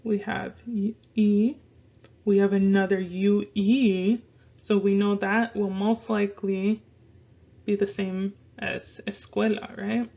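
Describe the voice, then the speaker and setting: A woman teaches a casual online language lesson at an unhurried pace, repeating each word several times so learners can practice. Her voice has a gravelly, creaky edge. The recording sounds dull and lo-fi. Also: mid-range voice, flat delivery, warm tone. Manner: slow, repeats words for pronunciation practice. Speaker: Spanish teacher.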